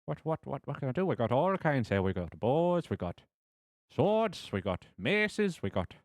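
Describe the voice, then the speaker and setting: Man playing a fantasy weapon seller, exaggerated Irish put-on, high and boisterous, dry close sound. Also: big pitch swings, normal speed, dry recording. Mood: salesy. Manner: over-the-top stage-Irish phrasing, loud and bouncy. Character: cheerful male weapon vendor with a hammy mock-Irish lilt.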